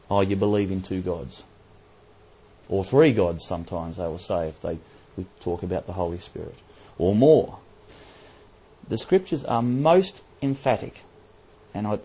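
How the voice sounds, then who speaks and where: A man giving a Bible study sermon, emphatic, slowing down and repeating key phrases to drive a point home. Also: on the low side, warm tone, husky, lo-fi sound. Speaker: Bible teacher.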